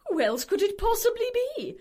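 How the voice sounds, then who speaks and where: A pompous, theatrical lady from a comedy radio drama, played by a woman, her northern English accent showing through the airs. Her voice sits high and swings wildly up and down. Everything comes out melodramatic. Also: big pitch swings, fairly quick, a little mellow. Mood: grand. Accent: northern English, slipping through. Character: pompous middle-aged woman hiding a northern past.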